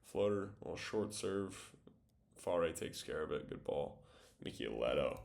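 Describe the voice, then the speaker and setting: A man's voice: low-pitched, expressive, moderate pace, creaky, a little mellow. A young man casually breaking down volleyball game film, thinking aloud with lots of fillers as he goes. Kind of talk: casual video breakdown commentary.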